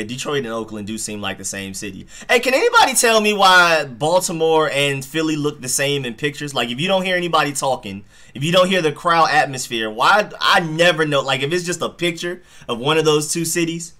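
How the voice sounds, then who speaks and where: A man's voice: fairly high pitch, sharp tone. A young man hosting a live football stream, chatting casually in slang and reacting to plays and chat messages. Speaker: sports live-stream host.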